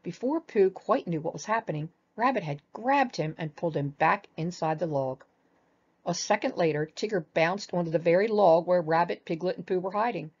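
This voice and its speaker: A woman's voice: lowish voice, moderate pace, slightly rough, highs cut off. Older woman reading a storybook aloud.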